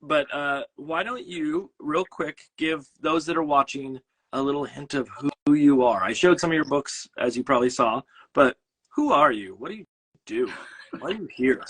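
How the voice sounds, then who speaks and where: A man's voice: on the high side, moderate pace, a bit bright, breathy edge, low-quality recording. A man with a Midwestern American accent hosting a casual livestream chat, rambling and correcting himself with jokes. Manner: rambling, self-correcting, jokey. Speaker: host.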